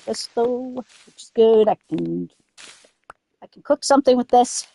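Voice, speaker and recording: A woman's voice: on the high side, a little slow, vocal fry, warm tone. A woman chatting casually while playing a game, rambling, drifting into silly riffs and swearing at it in sudden angry outbursts. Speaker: gaming streamer. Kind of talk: casual let's-play chat.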